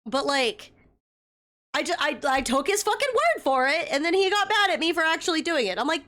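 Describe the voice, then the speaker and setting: A woman's voice: very high-pitched, sing-song, a little fast, a bit bright. A young woman chatting casually with her viewers as a livestreamer, telling stories and swearing freely. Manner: chatty storytelling with frequent swearing; greets viewers by name.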